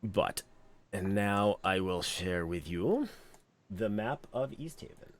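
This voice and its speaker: Brief man, game master, low voice, easygoing rambling narration. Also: slow pace. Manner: relaxed, meandering narration with many fillers.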